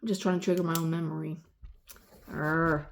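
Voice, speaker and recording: A woman in her forties ranting casually, rambling and swearing, losing her train of thought and swinging between loud exasperation and low muttering. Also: flat delivery, moderate pace, vocal fry, slight background noise. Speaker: vlogger. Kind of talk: casual rant.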